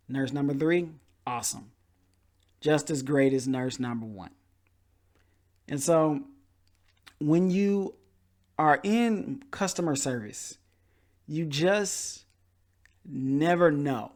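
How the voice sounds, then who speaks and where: A podcast host with a fairly high-pitched voice spins a story in an easygoing, animated style, putting on the voices of the people he quotes.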